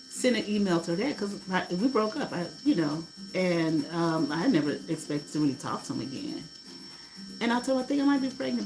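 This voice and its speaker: A middle-aged woman telling a personal story in a casual way, animated, swearing freely and acting out what people said. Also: on the low side, background noise. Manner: animated, swearing, laughing, acts out quotes. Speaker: host.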